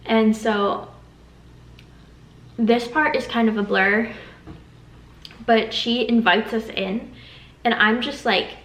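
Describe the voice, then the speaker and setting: A woman in her twenties casually telling a storytime vlog, lively and quoting others in a raised voice. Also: a little high, takes it slowly, long pauses. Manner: animated, quotes people in a raised voice. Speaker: vlogger. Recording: echoey room.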